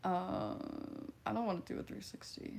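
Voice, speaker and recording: A woman in her twenties chats casually on a livestream, reading and answering chat messages and giggling often. Her lowish, darkish voice has a sing-song lilt and vocal fry at a normal speed, with slight background noise.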